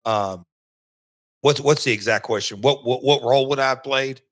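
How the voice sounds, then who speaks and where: Bright-voiced Southern man, halting chat. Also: mid-range voice. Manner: halting, lots of fillers and restarts. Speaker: podcast host, former wrestler. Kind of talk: casual chat.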